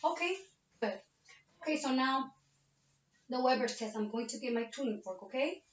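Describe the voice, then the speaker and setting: A nursing student with a high, animated voice walks a patient through a physical exam at a moderate pace, explaining every step and repeatedly asking "okay?" Her narrated demonstration was captured on a laptop webcam, so the audio sounds roomy, distant and muffled.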